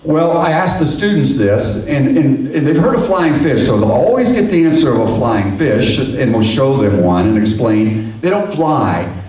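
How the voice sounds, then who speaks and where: A man giving a lively creation science lecture, telling stories and acting out little voices as he goes. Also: medium pitch. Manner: animated storyteller who acts out little voices and hums tunes. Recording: echoey hall, voice from far off.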